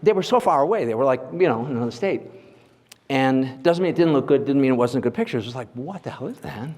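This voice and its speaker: A man's voice: mid-range voice, expressive, fast, darkish tone. Chatty man lecturing in a reverberant hall. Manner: chatty and conversational, leans on "like" and "right?" checks with the audience. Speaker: guest lecturer, portrait photographer. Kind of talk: informal lecture to a live audience. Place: large lecture hall at a symposium. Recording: long reverb of a big hall.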